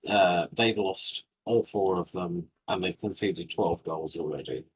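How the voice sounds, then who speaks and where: Slow, husky-voiced man, halting. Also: sits low, low-quality recording. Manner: halting, full of filler sounds and restarts. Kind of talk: casual chat.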